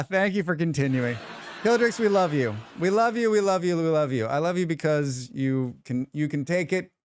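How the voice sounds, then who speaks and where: An American man chats on a live stream in a rambling, easygoing way, answering his chat as he goes. His voice sits a little high and swings widely in pitch, dry and close to the mic. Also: clean tone, no room sound. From United States. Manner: rambling, chatty, reads chat aloud.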